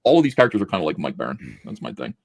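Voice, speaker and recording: Fast-talking sardonic man reviewing comics. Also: extremely low pitch, vocal fry, dry recording. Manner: sardonic, mocking, reads quotes in flat deadpan. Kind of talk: casual review chat, reading comic dialogue aloud.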